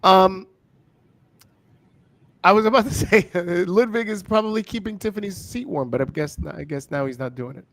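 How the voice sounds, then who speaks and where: A man co-hosting a casual wrestling chat show, animated and laughing as he tells stories. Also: high voice, normal speed, no room sound. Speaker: podcast co-host.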